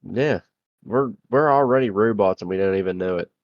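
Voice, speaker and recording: A man's voice: on the low side, moderate pace. A man co-hosting a podcast in casual crude banter, laid-back and rambling with lots of fillers. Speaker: podcast co-host. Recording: dull dry lo-fi mic.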